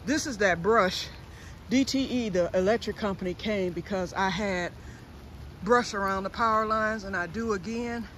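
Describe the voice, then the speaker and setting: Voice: mid-range voice, moderate pace, fairly bright tone, slight background noise. A vlogger in their fifties, chatting casually to camera outdoors in a wooded yard and jumping between topics. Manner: rambling, jumps between topics.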